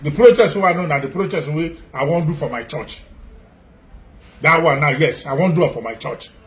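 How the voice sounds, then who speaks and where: A man's voice: on the high side, fairly quick, a little hiss or hum. A man with a Nigerian Pidgin accent, an activist making an emphatic, repetitive appeal.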